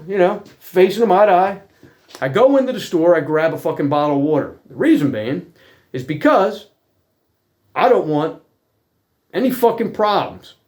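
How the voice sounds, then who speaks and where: Man, middle-aged, high lively voice, profane, heated storytelling. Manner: heated, swears constantly, blunt working-class talk. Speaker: vlogger telling personal stories.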